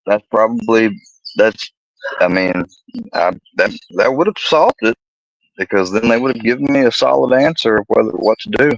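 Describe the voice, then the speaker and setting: A man's voice: lowish voice, normal speed, vocal fry, rough recording. A young man ranting about a personal dispute, profane and rambling, exasperated. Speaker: vlogger telling a personal story. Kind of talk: heated personal rant.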